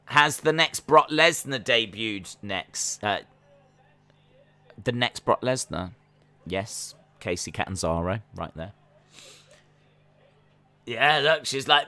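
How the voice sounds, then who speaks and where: Man, live stream watch-along host, bright tone, dry close mic, answers chat between calls. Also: clear, resonant tone, dry recording. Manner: breaks into high-pitched disbelief when excited. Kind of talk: casual watch-along commentary.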